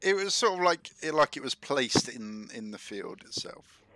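Bright-voiced man running a tabletop game. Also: medium pitch. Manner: relaxed, answers with quick mm-hmms. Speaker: game master.

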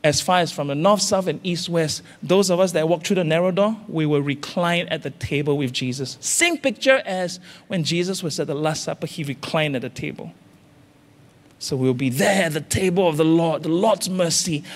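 A man's voice: fairly high pitch, normal speed. A man from Singapore, a senior pastor preaching an impassioned sermon in a large church hall, pressing his listeners with urgent, repeated calls. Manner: urgent, repetitive exhortations with rising calls. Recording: reverberant church hall with faint music.

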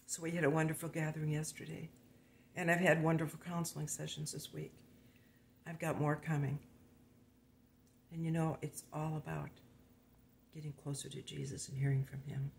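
Older lady pastor preaching soft and earnest, gravelly low voice, slips into near-whispers, faint hiss behind. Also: flat delivery, moderate pace, long pauses. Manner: earnest, breathy, drops to hushed near-whispers. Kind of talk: informal sermon.

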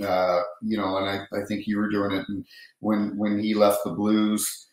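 Deep-voiced male guest in an echoey room. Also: completely flat delivery, moderate pace. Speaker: guest, former hockey referee. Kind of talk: casual interview chat.

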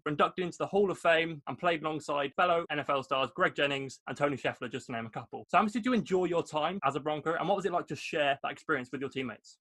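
A man hosts a sports podcast, talking quickly with a slightly raised pitch. He reads scripted intros and long, stat-packed questions in an upbeat tone. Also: a bit bright. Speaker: podcast host.

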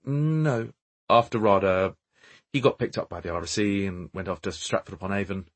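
A man reading the part of a nervous young English actress in an audiobook, quiet and hesitant. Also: low voice, normal speed. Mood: wistful.

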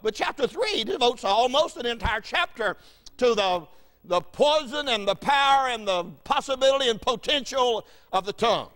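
A man preaching a sermon, telling a story, swinging from loud exclamations to hushed asides. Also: very high-pitched, expressive, normal speed.

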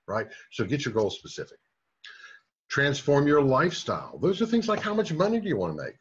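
A business trainer with a husky, slightly rough voice gives a motivational training talk, coaching his listeners directly and checking in with them often. His delivery is medium-pitched, sing-song, and a little fast. The recording sounds dull and lo-fi.

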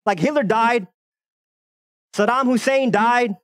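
Animated, sarcastic man preaching a sermon. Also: extremely high pitch, takes it slowly. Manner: animated, sarcastic, repeats words when fired up. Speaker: pastor.

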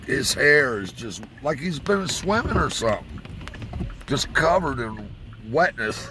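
A man's voice: mid-range voice, animated, unhurried, noisy background. A man telling a rambling, profane story in a casual way, chuckling as he goes, from inside a car.

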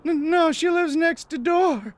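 A man's voice: very high voice, takes it slowly, no echo, voice pushed up. A man voicing a frail, nervous elderly woman who stammers and pleads, reading game dialogue aloud. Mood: frightened.

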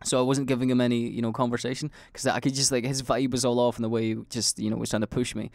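Scottish dude rambling on his podcast, swears loads, jumps into loud silly voices for quotes, dead dry sound. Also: medium pitch, fast, no echo. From Scotland. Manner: sweary, animated storytelling with loud acted-out quotes. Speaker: podcast host. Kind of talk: casual rambling monologue.

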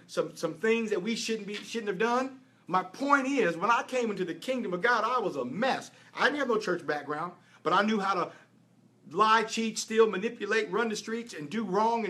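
A man's voice: sits high, pushed and bright. A middle-aged man preaching a sermon, telling his testimony in an emphatic, storytelling way. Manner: emphatic storytelling, rising and falling with repetitions. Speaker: apostle and preacher.

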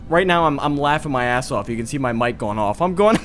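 A man's voice: medium pitch, expressive, fast, few pauses, a bit bright, soft background music. A man giving casual, profane commentary over his own gameplay footage, worked up as he retells the match. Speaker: gaming commentator.

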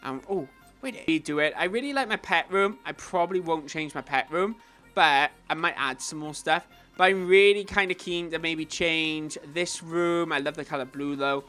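A man hosting his own gaming channel, giving chatty gameplay commentary that swings between low mumbling and excited squeals. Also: moderate pace. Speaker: YouTube gaming channel host. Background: faint background music.

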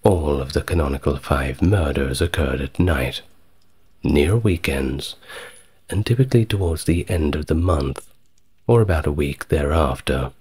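Very deep husky man narrating. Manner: calm and measured, with wry conversational asides. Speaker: history narrator. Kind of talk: soft-spoken ASMR history narration.

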